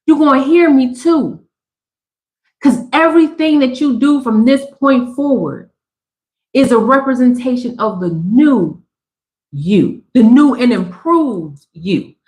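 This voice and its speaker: A woman gives a live tarot reading in a loud, slangy voice that swings between preaching and joking. Her voice sits a little high. The room around her is echoey. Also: lively intonation, slow. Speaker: tarot reader. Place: Southern California.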